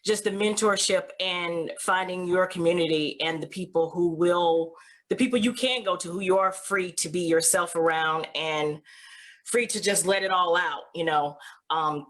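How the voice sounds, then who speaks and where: A woman with a lowish voice speaks as a panelist in an online discussion. She gives advice in an earnest, reflective way. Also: steady tone, normal speed, a bit bright. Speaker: panelist, actor. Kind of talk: panel discussion on a video call.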